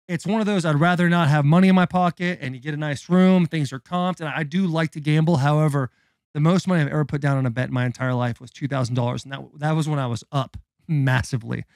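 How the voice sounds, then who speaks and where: A man in his thirties, a podcast co-host, telling a story in a casual, animated and profane way with dramatic build-up. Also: fairly high pitch, vocal fry, dry recording, studio quality.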